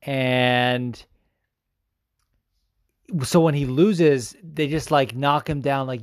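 A man's voice: medium pitch, slow pace, long pauses, no room sound, studio quality. Casual swearing podcast host, a man. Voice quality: swears often, rambling and joking. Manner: loose, self-mocking, animated. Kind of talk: casual solo podcast talk about MMA.

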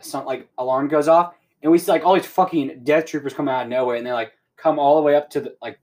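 A young man hosting a podcast, rambling excitedly through a casual recap and swearing often. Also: on the high side. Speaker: podcast host.

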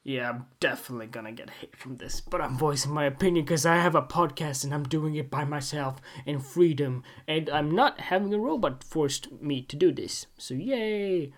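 A man's voice: a little high, normal speed, hardly any pauses. A Swedish-born man hosting his own podcast alone, rambling casually with jokey, self-mocking asides. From Sweden. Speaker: podcast host. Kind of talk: casual solo podcast monologue.

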